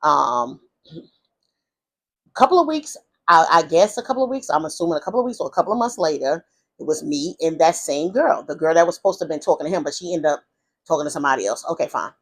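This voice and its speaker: A woman's voice: low-pitched, animated, brisk, breathy edge. A woman, casually telling a personal story, rambling and restarting often. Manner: rambling, with many restarts and repeated "whatever the case may be". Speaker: vlogger.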